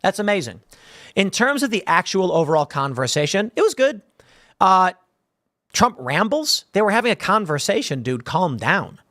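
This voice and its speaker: A man delivers combative news commentary in a fairly high voice, his pitch swinging widely as he mocks critics. The sound is dry and close, with no room around it. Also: normal speed, no room sound. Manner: animated, combative, sarcastic asides to critics.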